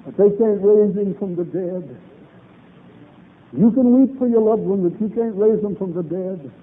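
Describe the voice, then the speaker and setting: A man's voice: sits high, measured pace. A man preaching a revival sermon, fervent and emphatic, repeating lines for emphasis. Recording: tinny old lo-fi recording.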